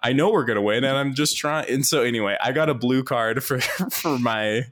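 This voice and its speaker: Young man, casual storyteller, rambly filler-heavy delivery, laughs a lot, mid-pitched voice. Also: normal speed. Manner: animated, mimics others in higher voice.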